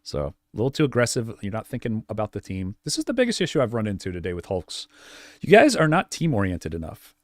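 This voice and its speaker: A man's voice: on the low side, huge pitch swings, fast, no echo. A man coaching viewers through gameplay on a live stream, direct and repetitive with lots of fillers. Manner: direct, repeats points, many fillers. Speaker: game coach.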